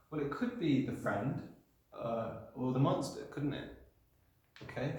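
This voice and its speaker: A man's voice: mid-range voice, darkish tone. A man, a primary school teacher, explaining patiently in a recorded video lesson and answering his own questions. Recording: very echoey room sound.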